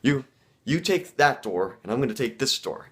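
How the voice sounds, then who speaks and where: A man's voice: medium pitch, sing-song, normal speed. A man voicing a huge, hot-tempered young guy in a told story. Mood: bossy. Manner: bossy, then yelling in rage.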